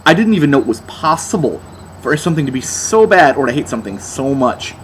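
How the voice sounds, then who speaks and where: A man's voice: mid-range voice, sing-song, a little fast, a little hiss or hum. A young man giving a sarcastic, exasperated album review, mocking as he goes.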